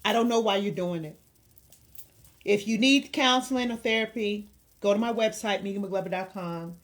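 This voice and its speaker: A woman who offers counseling hosts a direct-to-camera commentary video, lecturing viewers bluntly and with passion. Her voice is medium-pitched at a moderate pace.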